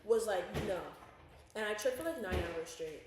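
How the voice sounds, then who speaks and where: A young woman co-hosting a podcast, telling a story in a quick, casual, slangy way. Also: mid-range voice, animated, far from the mic. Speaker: podcast co-host. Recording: very echoey room, faint noise.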